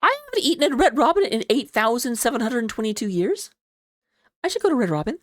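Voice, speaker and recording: A woman casting an esports match in a chatty, giggly, rambling way, lounging low in her chair. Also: very animated, brisk. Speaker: esports caster. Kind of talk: casual esports commentary.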